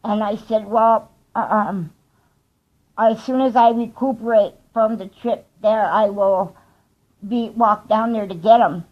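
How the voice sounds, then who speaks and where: Slow-talking woman, heartfelt, lo-fi. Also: medium pitch, fairly even intonation. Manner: slow, heartfelt storytelling with soft laughs. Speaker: vlogger. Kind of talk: personal vlog monologue.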